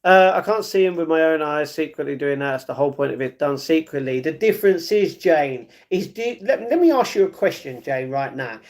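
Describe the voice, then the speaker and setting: A man's voice: fairly high pitch, lively intonation, a little fast, few pauses. Blunt man giving advice. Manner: blunt, repetitive advice-giving, with frequent restarts. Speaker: streamer. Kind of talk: casual livestream chat, reading viewer comments.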